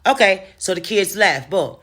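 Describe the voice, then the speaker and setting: A woman vlogger telling a personal story casually, animated and profane, acting out the dialogue. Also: medium pitch, moderate pace.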